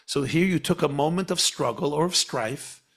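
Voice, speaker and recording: Man, gravelly voice, spiritual teacher, podcast talk, animated repetition. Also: on the high side, moderate pace. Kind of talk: podcast conversation.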